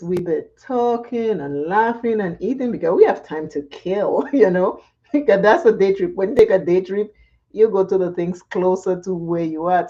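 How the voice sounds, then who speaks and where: A woman from the Caribbean with a low, mellow voice chats casually and laughs often while doing her makeup for a vlog. The sound is dull and lo-fi.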